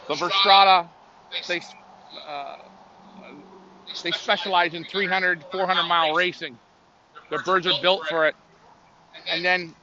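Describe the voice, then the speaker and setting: A man commenting on a live stream as pigeon loft manager, talking in a folksy, rambling way with many fillers. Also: sits high. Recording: muffled audio with crowd noise.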